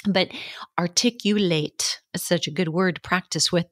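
Middle-aged female podcast host, upbeat coach, lower pitch, dry close studio sound. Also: normal speed, dry recording. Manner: upbeat, coaching, demonstrates warm-ups. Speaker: podcast host and fitness educator. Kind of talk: solo podcast advice. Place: home studio, seated. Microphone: studio mic.

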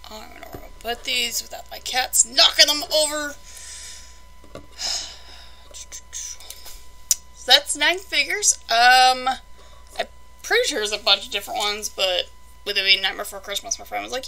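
A woman's voice: fairly high pitch, fairly quick, vocal fry, bright, forceful tone, low-quality recording. A young woman chatting casually through a toy unboxing, rambling and exasperated in her asides.

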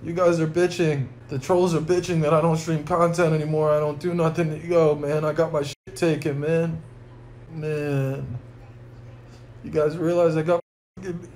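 A young man near tears rants on a live stream, cursing at every turn and ending his lines with bro or man. His voice sits a little high and stays flat, with little rise and fall. A faint noise hums behind him. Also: moderate pace, low-quality recording. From New York. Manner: profane, repeats bro and man, rambling. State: upset, close to tears. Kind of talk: unscripted live stream rant. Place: hotel room.

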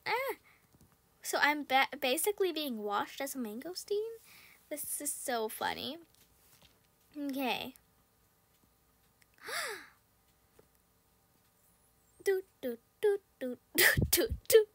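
A young female gaming host narrating her game play, excitable, squealing and shouting when in danger. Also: high-pitched, slow, long pauses. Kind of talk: game commentary.

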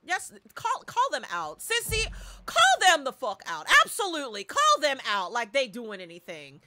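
A young woman streaming a horror game live, commenting excitedly and shouting repeated cheers and trash talk at her teammates. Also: high voice, moderate pace, background noise.

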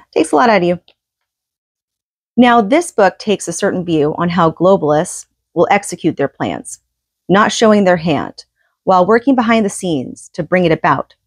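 A woman's voice: fairly low pitch, animated, normal speed, husky, no room sound. Earnest woman reading a book aloud. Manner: earnest, rhetorical questions. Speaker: book reader and commentator.

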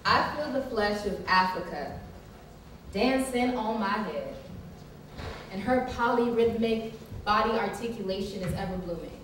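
A performer reciting spoken word poetry on a live stage in a rhythmic, expressive way. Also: mid-range voice, unhurried. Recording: echoey hall, distant mic, faint noise.

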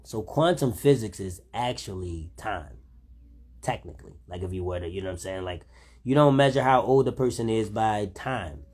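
A man's voice: lowish voice, darkish tone, husky. A man, rambling in a laid-back, casual monologue, often saying "you know what I'm saying". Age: 30s.

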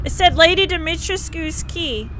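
A young woman live-streaming a horror game, excitable, screaming and laughing at scares and gushing thanks to her viewers. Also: very high-pitched, moderate pace, a little hiss or hum.

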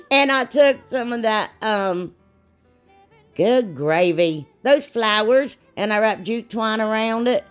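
A woman, chatting casually and rambling a little as she narrates a DIY craft video. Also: medium pitch. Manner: chatty, rambling, laughs at herself.

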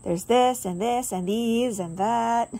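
A woman reads a children's picture book aloud at a slow, unhurried pace. Her voice is husky and gravelly, with a somewhat high pitch. She adds gentle, chatty asides to the children listening. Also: soft background music. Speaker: storyteller reading to children.

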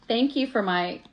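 A woman with a creaky, mid-range voice chats through a live craft tutorial as she works at her table at home, joking at her own expense and calling viewers y'all. The audio sounds dull.

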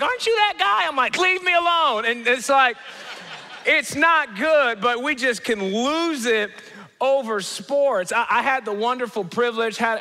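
Man, teaching pastor, comedic sermon, high bright voice, animated, long hall reverb. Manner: animated storytelling, acts out quoted people with jumps in pitch. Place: church auditorium.

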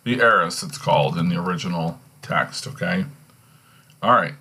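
A man's voice: sits low, expressive, normal speed, bright, forceful tone, breathy edge. A male teacher casually reading and explaining a play in a recorded lesson, often checking in with "okay?". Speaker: English teacher.

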